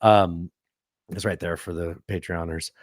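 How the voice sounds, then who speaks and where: A man's voice: low voice, steady tone, measured pace, no echo, clean studio sound. A man hosting a casual political podcast, opinionated and explaining at length with frequent restarts. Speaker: podcast host.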